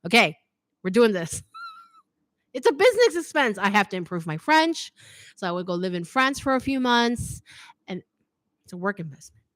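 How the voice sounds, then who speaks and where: A middle-aged woman hosting a casual livestream Q&A, reading comments aloud, chatty and quick to laugh, saying "like" a lot. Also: mid-range voice, big pitch swings, a bit bright, no echo, clean studio sound. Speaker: fashion YouTuber hosting a live Q&A.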